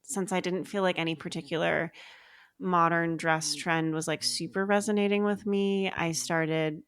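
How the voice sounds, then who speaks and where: A woman's voice: fairly low pitch, fairly even intonation, normal speed, clean tone. A woman co-hosting a podcast, chatting casually and rambling through her thoughts with lots of filler words. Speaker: podcast co-host. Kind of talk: casual chat.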